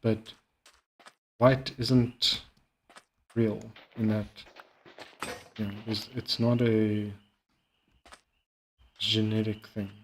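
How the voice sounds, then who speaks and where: Low-voiced man rambling while gaming. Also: flat delivery, a little hiss or hum. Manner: rambling, halting with many fillers. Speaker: streamer. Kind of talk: casual gaming commentary.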